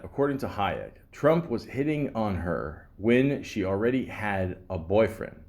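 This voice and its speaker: A man's voice: fairly low pitch, animated, unhurried, few pauses, darkish tone. A man hosting a podcast, reading a script with sarcastic, joking asides. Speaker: podcast host.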